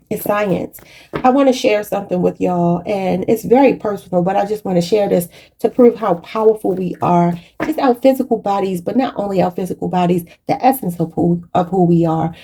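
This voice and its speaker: Mellow, husky woman giving a tarot reading. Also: medium pitch, normal speed. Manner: preachy, spiritual, addresses viewers as "y'all". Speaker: tarot reader.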